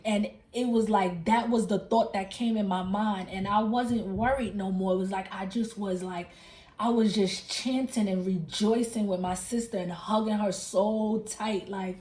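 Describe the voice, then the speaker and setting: A woman's voice: mid-range voice, steady tone, unhurried, a little mellow, roomy sound. A woman who hosts a tarot channel, casually telling the story of a dream in an emphatic way, repeating and rephrasing herself as she goes. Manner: emphatic and repetitive, circling back to rephrase. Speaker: tarot reader and channel host.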